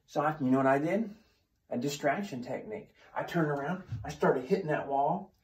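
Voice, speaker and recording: A man's voice: a little high, moderate pace. A male defensive tactics instructor telling a story as a lesson, plain-spoken, asking questions and answering them himself. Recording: echoey room.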